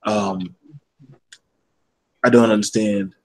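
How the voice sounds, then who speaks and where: A man's voice: fairly low pitch, fairly even intonation, slow, darkish tone, low-quality recording. A man in a casual panel discussion, speaking bluntly and heatedly, with plenty of swearing.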